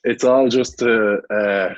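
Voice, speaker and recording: A man's voice: mid-range voice, steady tone, slow pace, muffled recording, noisy background. An Irishman in his twenties chatting as a podcast guest over a video call, laid-back and joking, with casual swearing. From Ireland. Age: 20s. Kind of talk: casual chat.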